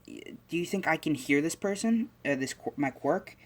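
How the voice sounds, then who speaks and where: A man voicing an excitable young boy hero who asks questions eagerly. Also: a little high, normal speed, voice pushed up. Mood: excited.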